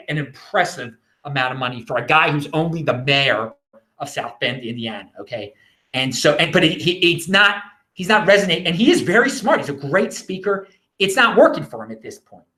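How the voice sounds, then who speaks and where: A man hosting his own show, talking in a loose, halting way with many restarts and fillers. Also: high-pitched, a bit bright. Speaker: show host. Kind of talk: casual solo commentary.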